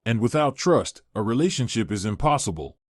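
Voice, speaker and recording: A betrayed young woman, as a man reads her, firm and cold in every word. Her pitch moves a lot, and the sound is dry and close. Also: very animated, fairly quick, breathy edge, no echo.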